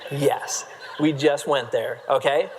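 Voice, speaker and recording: A man's voice: medium pitch, steady tone, slow pace, slight background noise. A man from Nebraska giving a humorous keynote talk on a convention stage, joking with the crowd and filling his sentences with "like". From Nebraska, United States. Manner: playful, self-mocking, heavy use of "like", quips at the crowd. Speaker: motivational keynote speaker. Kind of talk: humorous storytelling talk to a live audience. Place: large convention hall main stage. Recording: long reverb of a large hall.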